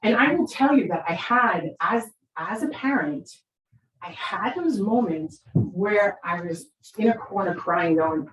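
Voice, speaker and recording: Speaking at a moderate pace with a medium pitch, this woman in her fifties is a therapist addressing parents. Her talk is chatty, peppered with "right?", and she performs quoted lines through dramatic shifts in her voice. Echo fills the room, and the mic sits well away from her.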